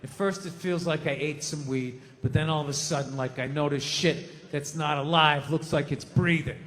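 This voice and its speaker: A man in his fifties telling a stand-up story in a loud, animated way, with shouted bursts. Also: a little high, normal speed. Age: 50s. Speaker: stand-up comedian. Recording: reverberant hall with faint noise.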